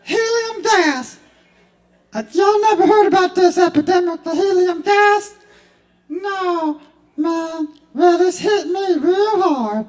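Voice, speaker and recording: Man voicing a squeaky drawl, very high, slow rambling, pleading guy. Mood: whining. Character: squeaky helium-voiced addict guy, rambling.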